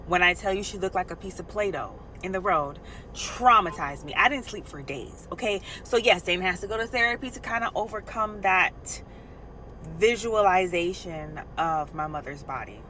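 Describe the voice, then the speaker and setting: A woman's voice: fairly low pitch, moderate pace, bright, forceful tone, a little hiss or hum, poor audio. A woman talking frankly and emphatically to her viewers in a casual vlog, swearing freely, recorded in a car. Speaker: nurse and vlogger.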